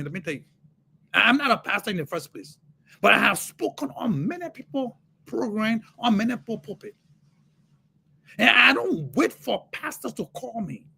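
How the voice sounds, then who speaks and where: A man preaches with fervor on a livestream. His voice is gravelly and husky, and it swings widely in pitch. He repeats words and breaks into sudden shouts. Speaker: motivational speaker.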